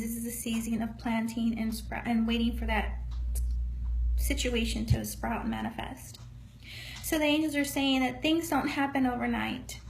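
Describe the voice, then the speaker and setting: A woman's voice: fairly high pitch, a little hiss or hum, rough recording. A woman psychic medium giving a casual live-streamed spiritual reading, speaking in an earnest, encouraging and folksy way. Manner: earnest, encouraging, folksy, calls listeners honey.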